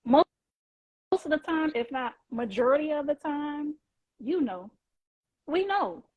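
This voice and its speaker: Woman, podcast co-host, soft and reflective, far from the mic, faint, dull dry sound. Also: high voice, lively intonation, measured pace, no echo. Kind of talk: reflective casual chat.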